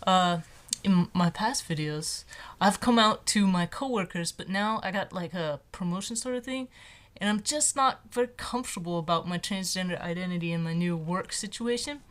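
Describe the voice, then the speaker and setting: A transgender man who is not on hormones, with a voice in a typical female range, talking in a casual vlog monologue. He muses in a halting, light-hearted way with many fillers. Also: sits high, bright, forceful tone. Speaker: vlogger.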